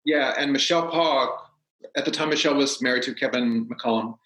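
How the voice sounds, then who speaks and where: Animated man telling stories in a roomy space. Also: medium pitch, fairly quick. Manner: animated, acts out quotes. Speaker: guest, stage actor. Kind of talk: casual storytelling. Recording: roomy echo.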